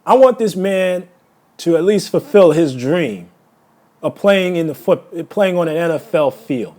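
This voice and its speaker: A man's voice: a little high, lively intonation, a little slow, darkish tone. A man giving a heated solo video rant. He repeats words and restarts phrases as he gets emotional. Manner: angry, insulting, repeats words. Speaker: vlogger.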